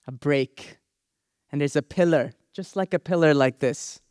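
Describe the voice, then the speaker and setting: A man's voice: fairly high pitch, measured pace, a little mellow, no room sound, clean studio sound. A man telling a sacred story as a spiritual teacher, dramatic and drawing in his audience. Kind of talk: storytelling sermon.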